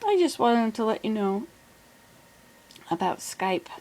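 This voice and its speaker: An older woman records a casual, rambling video update from her home in the southern US, speaking slowly with a fairly high, slightly mellow voice and big swings in pitch. She's friendly and keeps correcting herself as she goes. The sound is rough, picked up by a plug-in computer microphone.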